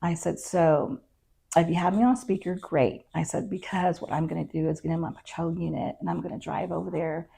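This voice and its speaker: This county constable speaks briskly, her lowish voice carrying vocal fry and a breathy edge as she recounts events in the first person during an interview. Her retelling is animated, acting out dialogue, and full of fillers such as "you know" and "um."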